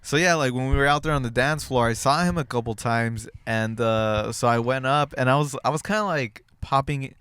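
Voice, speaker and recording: A man's voice: mid-range voice, moderate pace, hardly any pauses, fairly bright tone, clean tone, no echo. A young man co-hosting a podcast, telling a rambling story in casual chat with lots of fillers and restarts. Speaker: podcast co-host.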